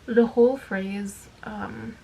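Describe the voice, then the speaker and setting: A woman's voice: on the high side, steady tone, slow, gravelly, mellow, breathy edge. Rambling candid woman vlogger. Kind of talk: casual chat.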